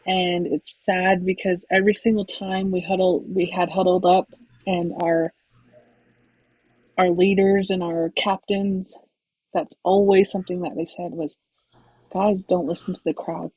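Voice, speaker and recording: A woman basketball coach talking in a soft-spoken, reserved way about her team in a casual conversation. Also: lowish voice, flat delivery, measured pace, breathy edge, no room sound, rough recording.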